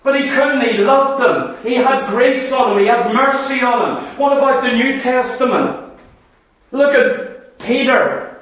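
A man preaching with an unusually high voice. He speaks slowly and earnestly, and keeps putting questions to his listeners. His voice rings through a very echoey hall from some distance off the mic. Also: a bit bright. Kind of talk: sermon.

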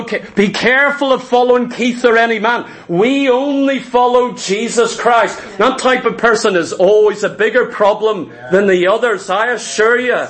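High-voiced preaching man, emphatic. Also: moderate pace, hardly any pauses, fairly bright tone. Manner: emphatic, conversational preaching with rhetorical questions. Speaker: pastor. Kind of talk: sermon.

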